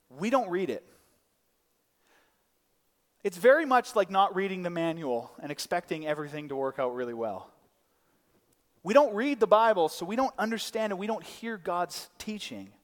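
A man in his thirties with a voice that sits high preaches a sermon in a big-sounding room. He's a pastor who tells lively stories and acts out the voices of the characters.

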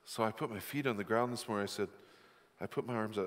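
A man's voice: lowish voice, fast talker, big-room sound. A middle-aged male pastor preaching a sermon, with candid, self-deprecating stories. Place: church sanctuary.

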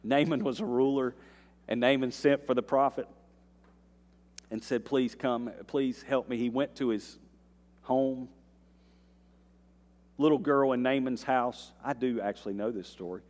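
A man preaching a sermon in a church, his voice ringing with the long reverb of a large hall. He moves between soft, earnest stretches and loud climbs in intensity, with folksy asides to the congregation. His pitch sits in a middle range for a man. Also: fairly even intonation, a little slow, pauses often. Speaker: pastor. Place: church sanctuary.

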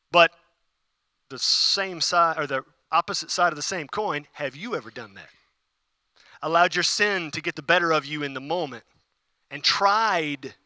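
A man's voice: a little high, sharp tone, dry recording. A man preaching a sermon, emphatic and repeating key phrases, with conversational asides to the congregation. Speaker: pastor.

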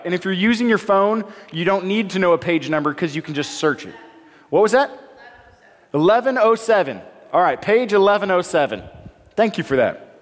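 A pastor preaching in a church hall with a long reverb trailing his words. His voice sits a bit high for a man. He reads scripture in a casual, joking way and acts out the dialogue. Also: lively intonation, normal speed. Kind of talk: sermon with Bible reading.

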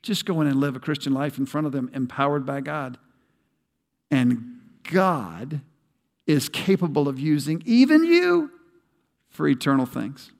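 A man's voice: fairly high pitch, sing-song, measured pace, vocal fry, long pauses. Preaching man in a reverberant hall. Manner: conversational preaching, building to emphatic peaks. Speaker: pastor. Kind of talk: sermon.

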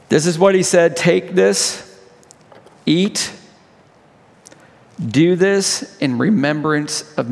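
A male pastor leading communion with an impassioned sermon, swelling to high cries and dropping to hushed tones. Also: creaky, big-room sound.

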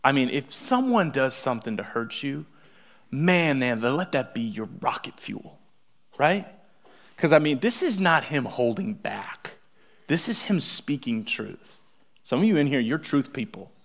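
A young adult man preaching a sermon with humorous stories, swinging from loud exclamations to hushed asides. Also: medium pitch, sing-song, a little slow. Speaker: pastor.

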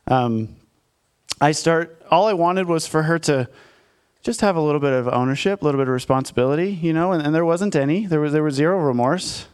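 Male pastor in his thirties, conversational sermon; candid, self-mocking storyteller with a smooth, clear voice pitched a bit high. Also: a little fast. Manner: candid, self-deprecating storytelling with frequent fillers.

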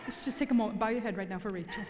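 A woman's voice: medium pitch, very fast, noisy background. A middle-aged woman preaching a sermon in church, mixing earnest appeals with teasing humor. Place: church hall. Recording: long hall reverb.

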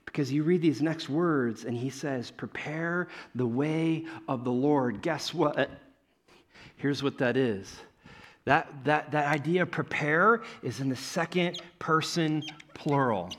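A man preaching a sermon as pastor in a church, conversational and animated, often acting out the voices he quotes. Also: on the high side, measured pace.

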